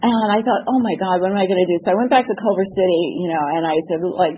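A woman's voice: medium pitch, expressive, brisk, highs cut off, slight background noise. A woman in her fifties telling a personal story with lots of laughter, acting out the voices in her quotes. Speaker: speaker sharing a recovery story.

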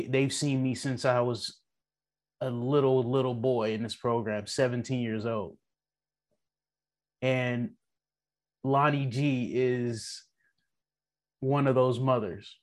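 A man chairing a recovery meeting over a video call, speaking in a heartfelt, halting way. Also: mid-range voice.

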